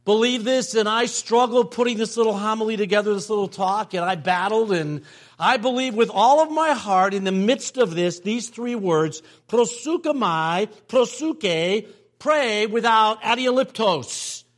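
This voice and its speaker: Older man, pastor, sermon, high voice, emphatic repeats. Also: measured pace. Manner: animated storytelling with emphatic repetition.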